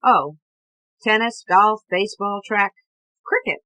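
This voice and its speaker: A woman's voice: medium pitch, slow pace, bright, forceful tone, no room sound, low-quality recording. A woman reading a bluff, boastful middle-aged man who talks in clipped, old-fashioned slang.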